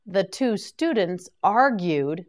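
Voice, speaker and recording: Slow, lively-voiced woman teaching vocabulary. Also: mid-range voice. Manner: slow, deliberate repeat-after-me drilling. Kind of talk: slow drilled vocabulary lesson.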